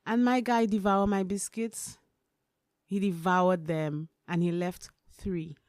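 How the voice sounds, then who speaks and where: A woman, co-hosting a podcast and telling a story with lively acted-out dialogue and some swearing. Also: fairly low pitch, slow, no room sound, clean studio sound. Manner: expressive, swears, acts out dialogue. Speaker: podcast co-host. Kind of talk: animated storytelling rant.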